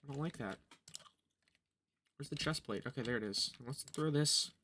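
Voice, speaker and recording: A man's voice: medium pitch, normal speed, bright, forceful tone, slight background noise. A man casually commenting on his gameplay during a livestream, joking and sarcastic, muttering to himself and chewing gum as he plays. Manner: joking, sarcastic, talks to himself while playing. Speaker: gaming livestreamer.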